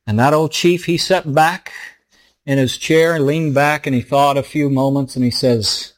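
A man's voice: medium pitch, normal speed. A middle-aged man, a pastor, telling a story in a sermon in an earnest, emotional way.

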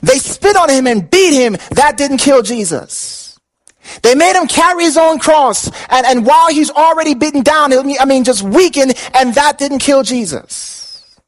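A man's voice: extremely high pitch, lively intonation, normal speed, poor audio. A man preaching a sermon with passion, asking the listeners questions and repeating words for emphasis. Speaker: pastor.

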